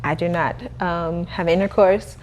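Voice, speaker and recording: A young adult woman, a guest in a casual interview, telling her story in a lively way, laughing and acting out what people said. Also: fairly low pitch, a little slow, highs cut off, a little hiss or hum. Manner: animated, laughing, acts out quoted dialogue. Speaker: guest, cleaning business owner.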